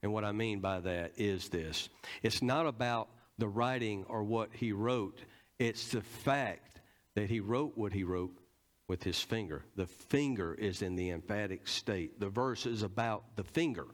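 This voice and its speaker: A man's voice: on the low side, measured pace. Southern preacher teaching his congregation. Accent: Southern American. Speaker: pastor. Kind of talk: sermon.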